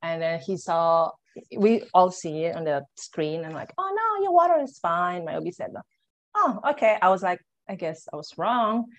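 A young woman speaks as an interview guest, her voice sitting a little lower than most. She tells her own story with energy, acting out the lines she and others said, and her phrasing runs loose with casual fillers. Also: moderate pace, highs cut off. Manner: animated, acts out her own and others' words in quotes; loose phrasing with many "like" and "you know" fillers. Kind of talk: personal storytelling in conversation.

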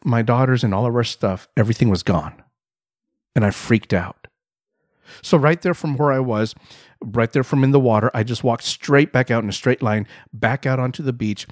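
Middle-aged male podcast host, animated self-mocking storyteller, close dry mic. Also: medium pitch, dry recording. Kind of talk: storytelling monologue.

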